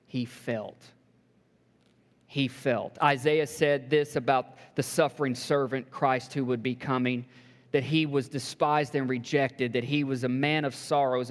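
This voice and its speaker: A man preaching a sermon to a congregation, building to emphatic peaks and dropping to soft, hushed lines, with joking asides. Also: medium pitch. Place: church sanctuary. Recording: long hall reverb.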